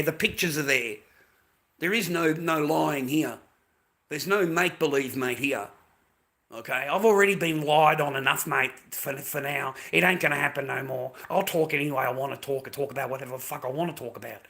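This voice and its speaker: A man's voice: on the high side, pushed and bright. An Australian man ranting angrily on his own livestream, swearing constantly and talking straight at his viewers. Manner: angry, profane, combative, addressing viewers directly. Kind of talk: livestream rant to chat.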